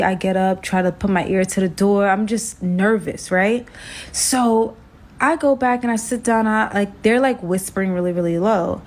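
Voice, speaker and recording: A young woman, from Brooklyn, telling a personal story in an animated, slangy, emphatic way. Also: mid-range voice, moderate pace. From Brooklyn, New York. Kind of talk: storytime vlog.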